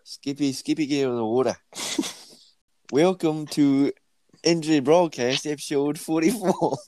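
A man's voice: fairly high pitch, moderate pace, mellow, a little hiss or hum, natural voice. A man putting on a clumsy Australian accent as a joke on a podcast, laughing and tripping over his words. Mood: jokey. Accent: put-on Australian.

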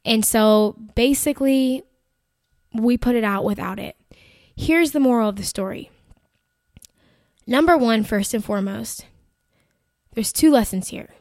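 A woman telling a personal faith story in a chatty, animated way, full of "like" and "you know". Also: on the high side, a little slow, pauses often, dry recording, studio quality. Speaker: Christian content creator. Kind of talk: casual faith-based storytelling.

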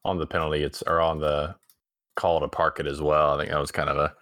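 A man co-hosting a podcast, speaking in a hesitant, halting way in casual chat. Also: a bass voice, level tone, a bit bright, no room sound, studio quality.

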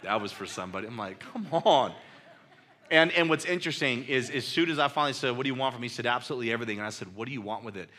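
A male pastor preaching a sermon in a loose, conversational storytelling way, full of fillers and "like," acting out his own angry shouts. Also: mid-range voice, rapid-fire, few pauses.

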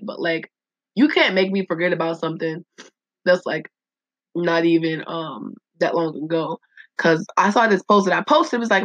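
A woman with a fairly low voice hosts a casual solo podcast, reading listener replies and reacting in a blunt, animated, profane way. Her voice is recorded close and dry, with no room sound. The audio is dull and lo-fi. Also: no echo. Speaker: podcast host.

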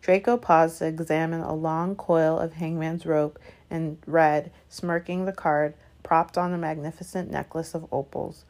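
Female audiobook reader; steady storytelling, low register, gravelly texture. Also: moderate pace. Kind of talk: scripted narration.

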